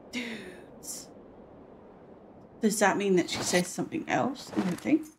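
A young British woman with a British accent giving excitable, gushing, chatty commentary while playing a video game. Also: mid-range voice, slow, background noise. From Britain. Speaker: gaming streamer. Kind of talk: casual gameplay commentary.

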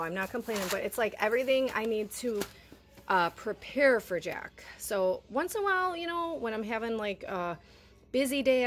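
A woman's voice: mid-range voice, slight background noise. A woman, chatting casually to viewers as she unpacks her grocery haul at home, a little out of breath. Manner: chatty, addresses viewers as you guys. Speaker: vlogger showing a grocery haul. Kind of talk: casual talk to camera.

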